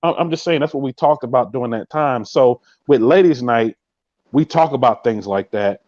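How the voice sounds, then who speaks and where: A man's voice: medium pitch, normal speed, a little mellow, no echo, dull audio. A man hosting a live podcast in a casual chat, speaking emphatically and straight to his viewers, and often repeating his catchphrases. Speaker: podcast host.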